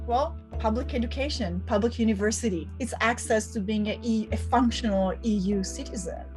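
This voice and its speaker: A woman professor whose first language is Italian, giving a measured, articulate interview answer. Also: on the high side, a little mellow, faint music behind.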